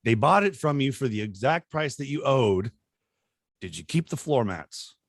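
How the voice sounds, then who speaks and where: A man's voice: mid-range voice, lively intonation, moderate pace, vocal fry, no room sound, clean studio sound. A man co-hosting a podcast in casual chat, throwing in teasing, wry quips. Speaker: podcast co-host.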